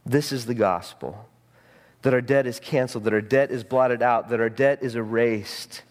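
A man preaching a sermon, swinging between high, ringing emphasis and hushed, low tones. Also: moderate pace. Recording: long hall reverb.

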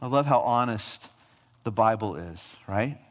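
A man's voice: expressive, unhurried. Preaching man in a big reverberant hall. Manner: emphatic preaching with wide swings from loud high peaks to low hushed lines; acts out quoted voices in a casual tone. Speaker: pastor. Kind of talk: sermon.

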